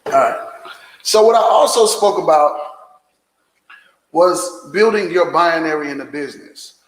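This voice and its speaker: High-voiced man preaching emphatically. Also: animated, unhurried, big-room sound. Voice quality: emphatic, preachy, repeats phrases, sometimes shouts. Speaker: business motivational speaker. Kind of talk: livestreamed motivational talk. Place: indoor room filming himself on several cameras.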